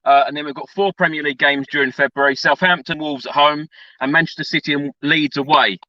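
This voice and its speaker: Bright-voiced man, dull dry sound. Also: on the high side, steady tone, fast, no room sound. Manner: persistently repeats his questions. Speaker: podcast host. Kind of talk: casual interview.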